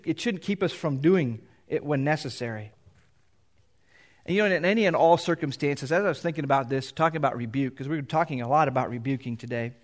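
Middle-aged man, pastor, sermon in a church, somewhat high voice, reads scripture then explains casually. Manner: loose and conversational between readings. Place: church sanctuary.

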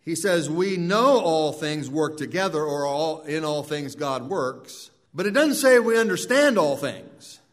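Earnest male preacher, slightly high voice. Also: lively intonation, measured pace, hardly any pauses. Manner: earnest preaching with repeated words and restarts. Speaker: pastor. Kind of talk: sermon.

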